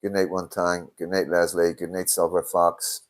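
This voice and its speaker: A man's voice: deep voice, level tone, moderate pace, a little hiss or hum. An older man hosting a casual live stream, reading out viewer comments, swearing often and sounding tired. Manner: swears a lot, tired and yawning. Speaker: livestream host.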